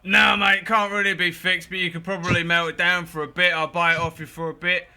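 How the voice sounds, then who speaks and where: Male GM as a loud, offhand smith, raised pitch, bright voice. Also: level tone, a little fast, exaggerated voice. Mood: blunt. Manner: loud, blunt, casual. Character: gruff male armorer calling across a shop. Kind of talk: tabletop role-play voicing.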